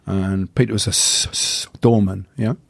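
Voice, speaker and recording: A man's voice: low voice, steady tone, normal speed, creaky, husky, no room sound. An older man, a martial arts teacher telling stories as a guest in a casual interview, often stammering on the first sounds of words.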